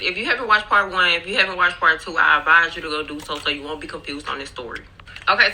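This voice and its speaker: A woman's voice: lowish voice, bright, forceful tone, poor audio. A young woman telling a story to her phone in a rambling, profane way during a work break, often calling out to viewers. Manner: rambling, profane, keeps addressing viewers as y'all. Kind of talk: casual storytime chat. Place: workplace, on break.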